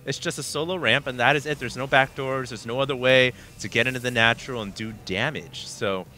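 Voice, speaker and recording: Bright, jokey male esports caster. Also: mid-range voice, fairly quick, faint music behind. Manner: upbeat, jokey, laughs easily. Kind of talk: color commentary.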